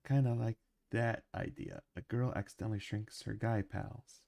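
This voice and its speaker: Gravelly low-voiced man, sick and rambling. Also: steady tone, moderate pace, a little mellow, no room sound, clean studio sound. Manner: rambling, lots of ums and uhs. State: sick with a cough. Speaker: animator livestreaming his work. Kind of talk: casual livestream chat.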